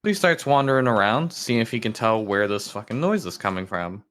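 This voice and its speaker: A man's voice: on the low side, animated, brisk, a bit bright. A man co-hosting a casual podcast, telling jokes in a loose, swearing storytelling manner and acting out the characters' lines. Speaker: podcast co-host.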